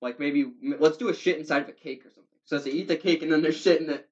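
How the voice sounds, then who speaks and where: A man's voice: a little high, steady tone, fast. Joking young man from the Midwest. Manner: joking, crude, laid-back. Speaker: podcast co-host. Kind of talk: casual comedic chat. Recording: dull lo-fi sound.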